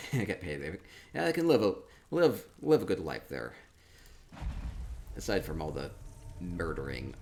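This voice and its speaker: A man chatting casually through a tour of a game, upbeat and quick to repeat himself, with soft laughs between remarks. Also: sits low, lively intonation, creaky. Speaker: gaming streamer touring player-built homes. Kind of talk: casual gameplay commentary.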